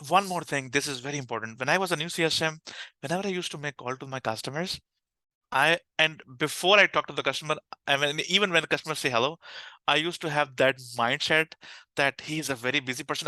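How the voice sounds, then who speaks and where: A man with a Pakistani English accent talks about his work, full of energy, with plenty of restarts and fillers. His voice is very bright and smooth. The sound is dry and close, with no room echo. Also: fairly high pitch, quick pace. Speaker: customer success manager, podcast guest. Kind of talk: conversational interview answers.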